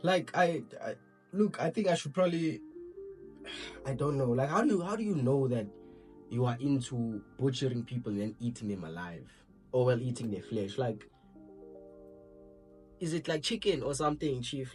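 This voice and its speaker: A man's voice: mid-range voice, animated, moderate pace, pauses often, darkish tone, soft background music. A young man casually reacting to a video, rambling in slang and talking to his chat. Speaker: reaction streamer.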